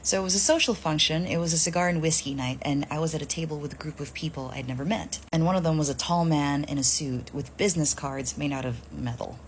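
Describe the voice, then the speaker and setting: Woman, voiceover pro, brisk delivery, low voice, dry wit. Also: a little hiss or hum. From Philippines. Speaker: voiceover artist. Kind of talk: storytelling to camera.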